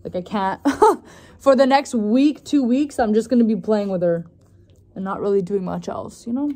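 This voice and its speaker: A woman's voice: mid-range voice, moderate pace, warm tone. A young woman talking casually to her vlog viewers, loose and chatty with plenty of "like" and "um". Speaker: vlogger.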